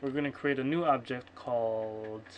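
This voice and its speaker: On a lo-fi recording with a little background noise, a man livestreams his programming work through a computer mic, muttering to himself and thinking aloud in a rambling, self-correcting way. His mid-range voice keeps a fairly even intonation at a moderate pace, with keyboard typing and clicks behind it in this casual coding screencast.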